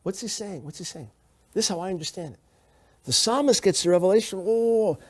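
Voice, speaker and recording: A man's voice: sits high, a little fast. A man giving a Bible teaching lecture, reading Hebrew passages aloud and driving his points home by repeating them emphatically. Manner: emphatic, repeats key phrases.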